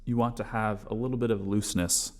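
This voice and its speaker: A man teaching a bodhrán class, patiently explaining strokes step by step and calling them out loudly as he plays. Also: on the low side, level tone, quick pace. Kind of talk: music lesson, counting along with drumming.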